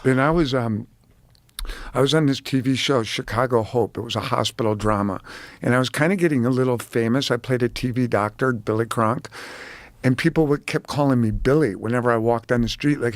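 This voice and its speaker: A middle-aged man tells stories with plenty of swearing, jumping into other people's voices as he goes. His pitch sits in an ordinary middle range. The sound is dry and close to the mic, with no room in it. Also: fairly quick, no echo. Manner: animated, profane, acts out quoted voices. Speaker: guest, film director. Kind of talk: storytelling in casual chat.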